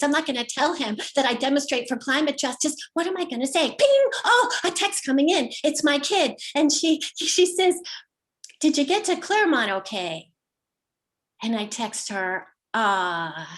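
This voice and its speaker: A woman's voice: fairly high pitch, a bit bright. A middle-aged woman performing a personal story with wry, dry humor, slipping into quoted voices now and then. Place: home, online show.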